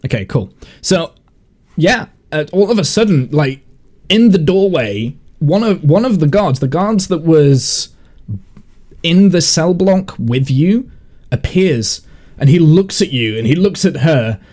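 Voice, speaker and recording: A man narrating as game master in a relaxed, hesitant way with many fillers. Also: a little high, measured pace.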